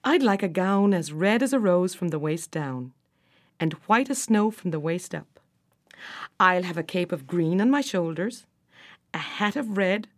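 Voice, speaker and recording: A woman voicing an excited, hopeful young woman in a spoken storybook, eager and breathless. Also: mid-range voice.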